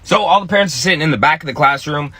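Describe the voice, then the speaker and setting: A man, a parent, telling a casual story in a lively, self-mocking way. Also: a little high, racing, breathy edge, no echo.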